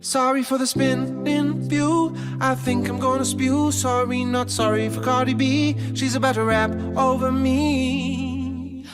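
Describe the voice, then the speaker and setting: A woman's voice: sits high, fairly even intonation. A woman singing a comic parody song as a male prime minister who keeps apologizing, stretching out each sorry. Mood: apologetic. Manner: sung, drawn-out apologetic phrases. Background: loud backing music.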